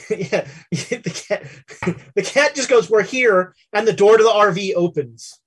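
Husky woman running a tabletop game. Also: medium pitch, lively intonation, measured pace. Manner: hesitant, full of fillers and laughs while describing scenes. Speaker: game master.

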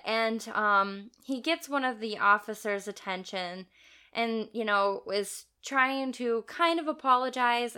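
A woman's voice: medium pitch, pushed and bright, smooth. A woman co-hosting a casual podcast chat, recounting stories with frequent small laughs. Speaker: podcast co-host.

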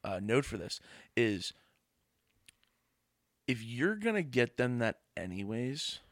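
A young man talking casually as a podcast co-host, rambling and swearing freely. His voice sits in a middle register and is recorded close and dry, with no room sound. He gets animated as he talks things through. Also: mid-range voice, takes it slowly, no echo. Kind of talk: casual chat.

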